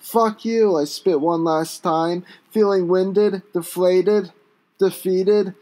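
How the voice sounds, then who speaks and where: A man reading his own first-person story aloud, with an intense, raw delivery that breaks into sudden shouts. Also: high-pitched, flat delivery, takes it slowly.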